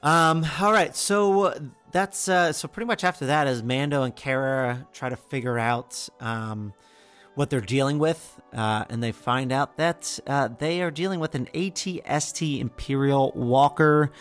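A young man in casual podcast chat, mid-pitched and loose, circling back on his own sentences and padding them with fillers. Faint music sits quietly behind his voice. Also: unhurried, smooth. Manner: rambling, filler-heavy, frequent restarts. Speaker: podcast co-host. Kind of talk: casual chat reviewing a TV episode.

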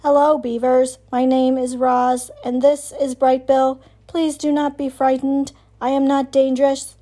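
A woman voicing a calm, polite female robot in a storybook reading, speaking in measured, formal phrases. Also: high voice.

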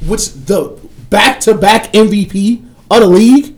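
A man co-hosting a casual sports talk show, excitable and slangy, often laughing and repeating himself for emphasis. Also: high-pitched, a little slow. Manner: excitable, laughs often, swings loud and soft. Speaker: podcast co-host.

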